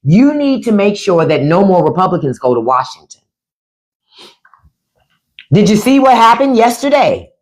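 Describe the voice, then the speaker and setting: A middle-aged woman talks politics on her livestream with a lively pitch that swings up and down. She is blunt and profane and keeps slipping into mocking voices of the people she discusses. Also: normal speed, pauses often. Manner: animated, blunt and profane, mimicking others. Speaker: livestream host. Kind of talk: casual political commentary livestream.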